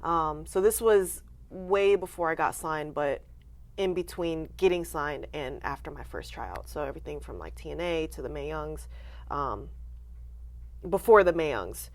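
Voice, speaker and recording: Lively woman in her late twenties telling her story. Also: deep voice, unhurried. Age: late 20s. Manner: animated, acts out quoted voices, laughs often. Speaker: guest, professional wrestler. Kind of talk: candid interview storytelling.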